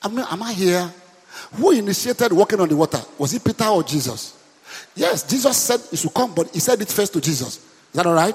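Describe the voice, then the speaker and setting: Lively high-voiced preacher in a reverberant hall. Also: male voice, moderate pace, pauses often, slightly rough. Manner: call-and-response preaching, repeated questions to the congregation. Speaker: pastor. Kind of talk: sermon.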